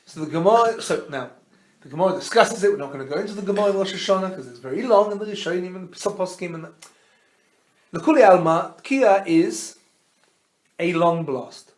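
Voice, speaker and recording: A man, a rabbi, teaching a Torah class as an animated storyteller who quizzes his listeners and mixes Hebrew terms into his teaching. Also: high-pitched, a little fast. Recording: roomy echo.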